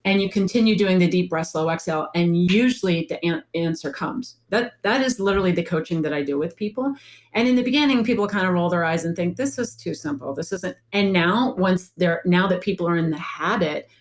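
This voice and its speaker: A woman's voice: fairly low pitch, brisk. A woman life coach answering interview questions in an earnest storytelling way, repeating phrases for emphasis.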